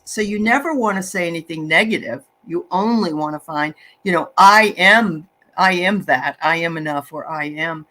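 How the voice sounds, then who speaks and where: A woman's voice: medium pitch, fairly bright tone. A woman hosting a casual live chat, enthusiastic, often repeating phrases and trailing off. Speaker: host.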